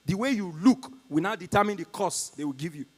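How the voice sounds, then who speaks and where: A man's voice: sits high, expressive, fairly quick. A Nigerian man doing live stand-up comedy, telling stories and talking to the crowd. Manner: storytelling, talks to the crowd. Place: concert stage in a large hall. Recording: long reverb from a hall.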